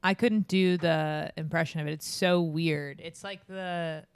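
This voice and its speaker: Chatty man with smooth, dry voice. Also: fairly high pitch, steady tone, a little slow, dry recording. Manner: chatty, giggly, lots of "like". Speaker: podcast co-host. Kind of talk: casual chat.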